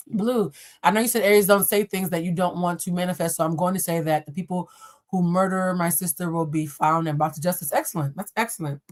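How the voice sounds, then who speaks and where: A young adult woman hosting a live tarot reading, answering chat questions in a blunt, profane and playful way. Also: on the low side. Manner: blunt, profane and playful, addressing viewers as y'all. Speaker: tarot reader and live stream host.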